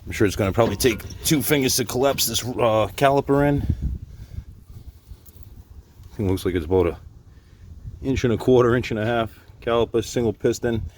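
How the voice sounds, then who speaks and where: A man's voice: medium pitch, fast, slight background noise. A middle-aged man, joking casually as he works on a car in his garage. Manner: joking, offhand, hands-on while working. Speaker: car repair vlogger. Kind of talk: casual how-to vlog.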